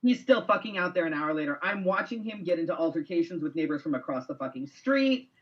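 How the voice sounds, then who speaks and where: A man co-hosting a casual online talk show, telling a story with lots of swearing and animated quoting. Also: fairly high pitch, quick pace, dull audio. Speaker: co-host.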